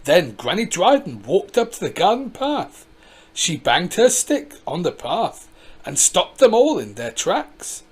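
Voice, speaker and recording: A reader narrating a children's story aloud in an expressive way. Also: medium pitch, unhurried, slightly rough.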